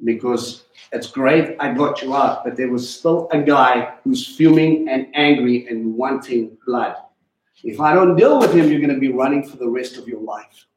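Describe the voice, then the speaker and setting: A man preaching a sermon in an animated way, swinging between loud and hushed, and speaking directly to the people in the room. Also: medium pitch, moderate pace, a little hiss or hum. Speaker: teacher. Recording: echoey room.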